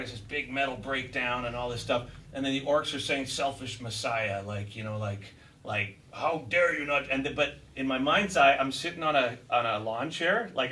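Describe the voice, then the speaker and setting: A man's voice: mid-range voice, far from the mic, slight background noise, low-quality recording. Rambling man at a store guitar clinic. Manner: rambling, animated, laughing, lots of fillers. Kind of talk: casual live talk to an audience. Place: music store in front of a live audience.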